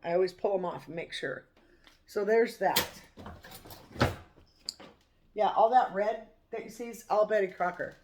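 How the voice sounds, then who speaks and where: A woman's voice: mid-range voice, measured pace, pauses often, background noise. A woman vlogger chatting casually to camera over morning coffee, rambling and laughing often. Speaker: cooking vlogger.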